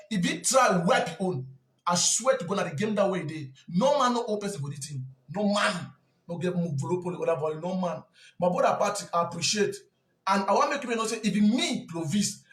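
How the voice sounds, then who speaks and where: Man, Cameroonian Pidgin accent, impassioned confession, rapid delivery, echoey room. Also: sits high. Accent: Cameroonian Pidgin English. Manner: intense and emphatic, repeats lines for force. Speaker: speaker in a live video.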